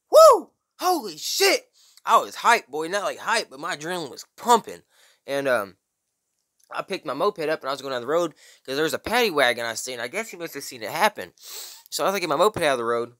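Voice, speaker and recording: A young man telling a story casually, full of slang and "bro", loudly acting out the people in it. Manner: slangy, animated, says "bro" often; acts out quotes in high strained voice. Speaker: vlogger.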